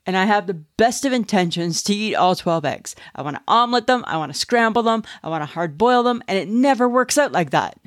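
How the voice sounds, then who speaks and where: A woman's voice: mid-range voice, lively intonation, no echo. A woman co-hosts a podcast in a casual, playful chat that tends to ramble. Her voice sits mid-range. It is recorded close and dry. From Canada. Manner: chatty, playful, drawn-out rambling. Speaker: podcast co-host.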